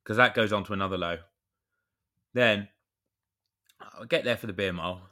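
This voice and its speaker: Low, bright-voiced man telling a story. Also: moderate pace. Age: 30s. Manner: rambling storyteller, chatty with mild swearing. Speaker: podcast co-host. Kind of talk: casual chat.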